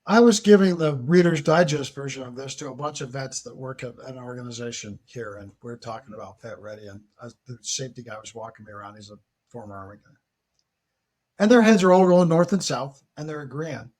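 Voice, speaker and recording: A man, a military veteran, talking on a podcast and telling stories with lively emphasis. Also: mid-range voice, brisk. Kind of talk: podcast conversation.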